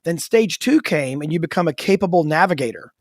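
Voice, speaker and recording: Animated man telling stories. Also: a little high, a little fast, dry recording, studio quality. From United States. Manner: animated storyteller, talks through stories. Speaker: podcast co-host. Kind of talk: casual faith-based podcast chat.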